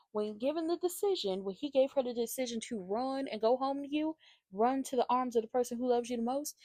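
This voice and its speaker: A woman's voice: fairly high pitch, darkish tone, dry recording. Sassy gossipy woman recapping soaps. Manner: sassy, gossipy, acts out quotes of characters. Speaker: soap opera recap host. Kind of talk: casual commentary.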